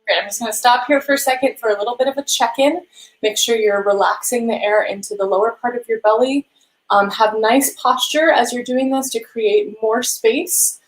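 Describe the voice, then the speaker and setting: A woman vocal coach leading a live-streamed warm-up lesson, encouraging and gently guiding listeners through sung exercises. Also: a little high, normal speed, rough recording. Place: home room with a piano.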